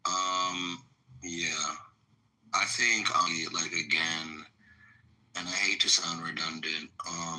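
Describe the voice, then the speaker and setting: A man speaking in a live audio-room debate, hesitant and full of fillers but measured. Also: low voice, level tone, creaky, pushed and bright, poor audio. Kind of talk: casual debate talk.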